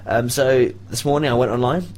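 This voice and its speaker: A man hosts a casual student radio show, chatty and often laughing, with rambling asides. His mid-range voice has a darkish tone and fairly even intonation, and he talks a little fast.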